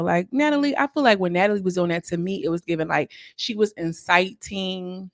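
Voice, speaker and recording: A woman's voice: on the low side, a little fast, few pauses, no room sound, studio quality. A woman giving a casual, chatty recap of a reality show episode, talking straight to her viewers with emphatic slang and frequent asides. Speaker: reality TV reviewer.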